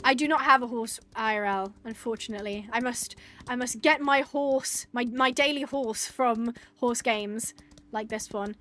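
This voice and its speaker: British woman, gaming streamer, high bright voice, chatty and giggly. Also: moderate pace. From United Kingdom. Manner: chatty and giggly, rambling with many fillers. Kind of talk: casual live gameplay commentary.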